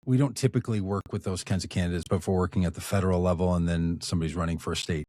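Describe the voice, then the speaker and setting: A man, an activist and author, telling a relaxed anecdotal story as a podcast guest, trailing off into low asides. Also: racing, no room sound, clean studio sound. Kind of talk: storytelling in conversation.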